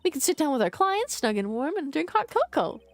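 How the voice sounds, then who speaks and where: A cheerful young female assistant, voiced by a woman. Her perky voice sits high and bounces around with energy. She is bubbly and upbeat, from a video game. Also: very animated, brisk, no echo.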